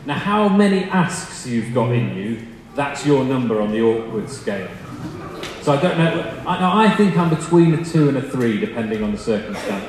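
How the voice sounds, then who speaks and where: A man's voice: mid-range voice, big pitch swings, normal speed. A young man preaching a sermon, telling funny stories in a chatty, self-deprecating way before turning to the scripture. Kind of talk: storytelling sermon. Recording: echoey hall with long reverb, faint noise.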